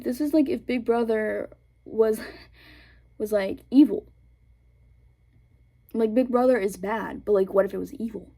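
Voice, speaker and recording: A woman's voice: on the high side, dark tone. A young woman vlogger chatting casually about films, rambling with lots of fillers and giggles. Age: young adult. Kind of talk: casual chat.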